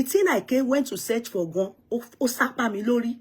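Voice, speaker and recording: A middle-aged woman with a Nigerian accent, telling a personal story with dramatic swings from hushed whispers to loud outbursts. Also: fairly high pitch, lively intonation, fast talker, breathy edge. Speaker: vlogger.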